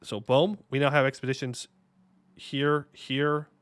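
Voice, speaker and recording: A man streaming a strategy game, commenting casually and excitably, talking to himself and his chat with jokey asides. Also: mid-range voice, measured pace, clear, resonant tone, no echo. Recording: faint music behind the voice.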